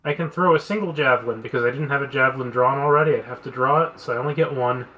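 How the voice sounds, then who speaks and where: A man playing a tabletop game, calmly talking through what his character can do. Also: mid-range voice, rough recording. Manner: measured, explaining his options. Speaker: player. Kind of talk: casual tabletop play.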